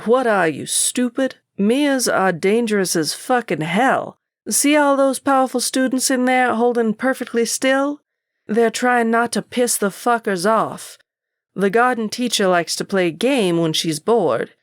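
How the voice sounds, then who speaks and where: A woman's voice: lowish voice, lively intonation, measured pace, hardly any pauses, clear, resonant tone, no echo, clean studio sound. A woman doing a scornful, cursing old groundskeeper. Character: gruff, irritable middle-aged male groundskeeper. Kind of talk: audiobook character voice.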